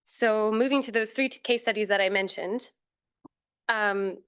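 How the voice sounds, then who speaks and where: A woman giving a formal, measured academic talk as a conference panel speaker, with occasional fillers and self-corrections. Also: medium pitch, fairly bright tone, clear, resonant tone.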